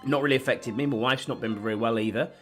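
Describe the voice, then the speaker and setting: A man's voice: medium pitch, quick pace, a bit bright, faint music behind. A man from the northeast of England with a northern English accent, co-hosting a casual podcast chat while worn out by a flu, rambling with many restarts. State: tired with a flu. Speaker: podcast co-host.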